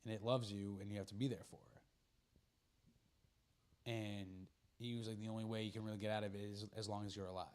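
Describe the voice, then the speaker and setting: A man's voice: on the low side, flat delivery, brisk, long pauses, darkish tone, clean tone. A man hosting a casual podcast chat, retelling a film's plot in a rambling way, acting out the characters' lines and swearing freely. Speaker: podcast host.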